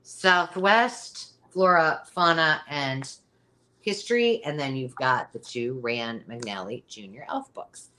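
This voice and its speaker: A woman's voice: sits low, expressive, takes it slowly, sharp tone, slight background noise. A middle-aged woman hosting a live sale, talking in a rambling, chatty way with frequent ums. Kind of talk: casual live-stream selling chat.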